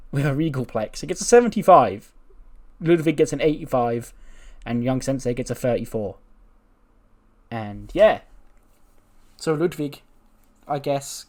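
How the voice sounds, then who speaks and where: A man's voice: mid-range voice, a little mellow. A man casually commenting on a wrestling management game playthrough, narrating animatedly and laughing often. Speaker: gaming YouTuber.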